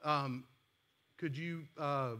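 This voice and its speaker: A pastor with a Southern American accent giving a sermon in a church, conversational and emphatic, asking rhetorical questions. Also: male voice, fairly high pitch, fairly even intonation, very slow, pushed and bright. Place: church sanctuary.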